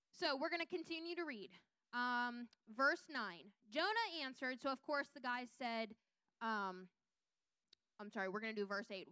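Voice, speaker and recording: Woman doing a bible lesson, kinda high bright voice, keeps asking okay?. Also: smooth, dry recording. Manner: reads scripture aloud with lively voiced quotes, checks in with "okay?". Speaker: Bible teacher.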